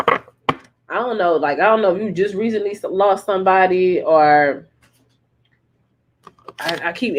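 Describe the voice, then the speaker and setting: A woman's voice: fairly low pitch, a little mellow, slight background noise. A woman giving a casual tarot reading on a livestream, rambling and profane, laughing often and repeating herself for emphasis. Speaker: tarot reader.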